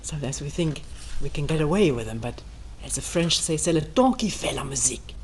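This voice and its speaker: A woman meditation teacher giving a calm, thoughtful talk, reading a text aloud and commenting on it. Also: brisk, a little hiss or hum, low-quality recording. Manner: calm and thoughtful, acting out quoted voices with raised pitch. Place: retreat meeting room.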